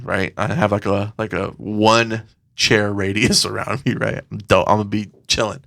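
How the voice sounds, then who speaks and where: A man's voice: lowish voice, flat delivery, moderate pace, gravelly, fairly bright tone. A man co-hosting a podcast, telling a story in casual chat, swearing a lot and acting out the voices of the people in it. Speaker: podcast co-host.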